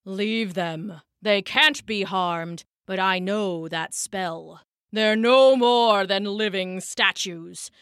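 A woman voicing a sinister male warlock who gives quiet, cold orders in a storybook. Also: medium pitch, takes it slowly, clean tone, dry recording, studio quality. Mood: coldly commanding.

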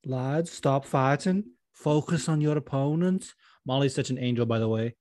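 A man's voice: medium pitch, normal speed, darkish tone, dry recording, lightly acted. A man doing a bossy woman fighter. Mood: scolding. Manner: bossy, firm coaching tone. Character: stern woman fighter scolding her teammates.

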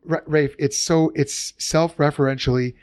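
Animated man thinking aloud, dry sound. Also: a little high, normal speed, no echo. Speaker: podcast co-host. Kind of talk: casual discussion.

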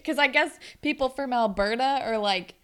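A woman's voice: high voice, moderate pace, fairly bright tone, smooth. A woman co-hosting a podcast, recapping a TV episode in casual chat. She swears freely and acts out the characters' lines as she retells them. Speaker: podcast co-host.

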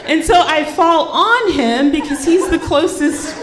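A woman telling a comedic story on stage, animated and swearing, acting out voices. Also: high voice, measured pace. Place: live show before a laughing audience. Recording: roomy hall with crowd.

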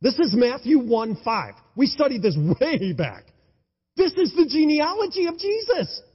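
A male pastor preaching an enthusiastic sermon, swinging between loud exclamations and hushed tones. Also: very high-pitched, very animated, measured pace. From United States. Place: church sanctuary. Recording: dull, lo-fi sound in a reverberant hall.

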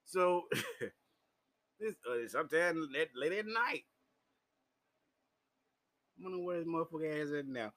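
A tipsy man telling a crude personal story in casual, profane vlog style, laughing often and shouting when he gets heated. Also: animated, measured pace, long pauses. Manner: loud, crude and laughing, swings into high shouting. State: drunk. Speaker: vlogger.

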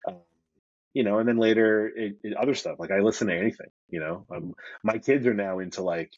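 Husky low-voiced man, mild new york accent. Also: brisk, darkish tone, no room sound, dull audio. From Brooklyn, New York. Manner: rambling, self-correcting, easygoing. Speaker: podcast guest, comic creator. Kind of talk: casual interview chat.

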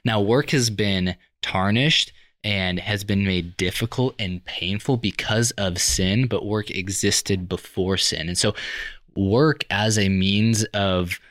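A man co-hosting a faith-based podcast discussion, talking in a thoughtful, measured way and working out his points as he goes. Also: on the low side, fairly bright tone, no room sound. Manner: thoughtful, measured, reasons aloud with restarts. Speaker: podcast co-host.

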